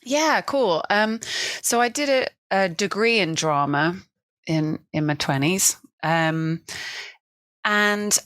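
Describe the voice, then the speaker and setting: A woman's voice: on the low side, expressive, slow pace, a bit bright, no echo. A woman chatting casually as a podcast guest, self-mocking and laughing often. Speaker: guest improviser.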